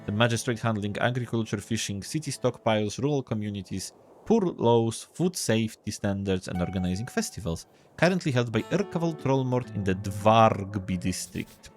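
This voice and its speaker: A man's voice: on the low side, expressive, moderate pace, a little mellow, faint music behind. A man casually commenting on a game as he plays, joking and swearing as he reads the text aloud. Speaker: gameplay video host.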